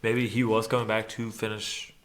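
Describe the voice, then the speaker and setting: A man's voice: fairly low pitch, level tone, moderate pace, over a noisy crowd. A young man guesting on a podcast, talking through his thoughts in a hedging casual way, leaning hard on "actually". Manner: hedging, says "actually" a lot, swears.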